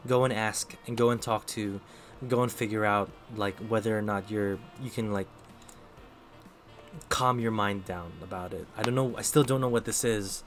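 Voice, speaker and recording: A man's voice: medium pitch, fairly bright tone. A man streaming live, giving casual tarot readings and chatting with viewers, thinking aloud with lots of fillers. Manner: talks to chat between readings.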